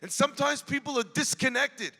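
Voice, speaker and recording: A man, giving an emotional sermon as a rabbi and telling a story to the crowd, swelling and dropping to a hush. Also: extremely high pitch, animated, a little fast. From United States (New Jersey). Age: 40s. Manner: earnest, addresses the crowd directly, swells and drops to a hush. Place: large event hall. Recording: long hall reverb.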